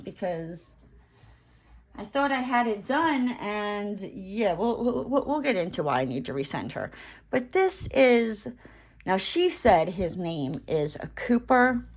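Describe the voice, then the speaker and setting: Slow-talking woman just chatting away while she crafts, rambly, keeps restarting her sentences. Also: mid-range voice. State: briefly out of breath after running downstairs. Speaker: crafting vlogger. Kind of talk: casual storytelling while crafting. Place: home.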